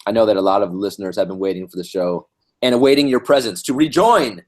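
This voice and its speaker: A man's voice: fairly low pitch, quick pace. A man co-hosting a podcast in casual chat, teasing his partner and laughing easily. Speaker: podcast co-host.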